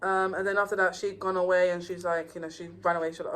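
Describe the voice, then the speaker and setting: A woman casually reviewing TV episodes, rambling and excitable with many fillers and restarts. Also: on the low side, fast talker, clean tone, poor audio. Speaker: YouTuber reviewing TV shows.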